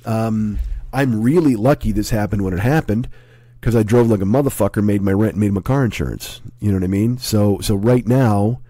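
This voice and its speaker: A man in his forties with a hoarse, sick voice, rambling and swearing through a casual podcast monologue at home. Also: lowish voice, normal speed, warm tone, dry recording. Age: 40s. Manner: profane, rambling, self-deprecating. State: hoarse, sick with a sore throat. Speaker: comedy podcast host.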